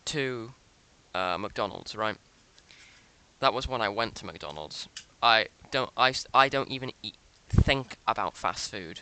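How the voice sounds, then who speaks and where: A man's voice: mid-range voice, animated, a little slow, sharp tone, smooth. A young man ranting with profanity and sarcasm as host of a reaction video. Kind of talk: ranting commentary.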